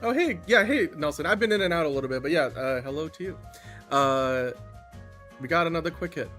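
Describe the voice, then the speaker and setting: A man's voice: a little high, expressive, a little fast, a bit bright, faint music behind. A man co-hosting a podcast in casual chat, who restarts his sentences and gets defensive. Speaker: podcast co-host, writes the rundown.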